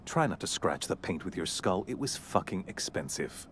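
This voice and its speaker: A man's voice: sits low, very animated, normal speed, a bit bright, a little hiss or hum. An actor playing a pompous, ruthless corporate chairman villain in a video game, haughty and sneering, swearing coldly. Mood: contemptuous.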